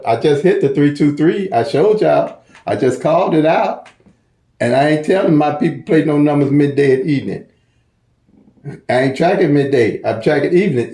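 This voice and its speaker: A slightly high-voiced man with a dark tone and a St. Louis accent hosts a lottery strategy channel. In casual tutorial talk, he explains a lottery number system in a folksy way, repeating himself and stumbling over restarts. The sound is roomy.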